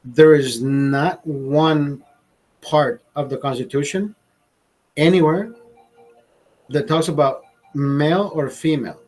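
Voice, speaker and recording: A man's voice: fairly high pitch, takes it slowly, long pauses, a little mellow, low-quality recording. Heated, foul-mouthed man ranting. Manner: heated, swears constantly, restarts sentences. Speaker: host. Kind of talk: casual profane rant.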